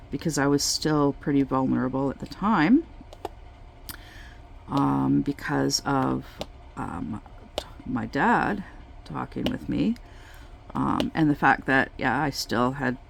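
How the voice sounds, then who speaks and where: A woman vlogger chatting casually while she crafts, telling a story in a slow, halting way with many pauses. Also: a bass voice, gravelly, slight background noise.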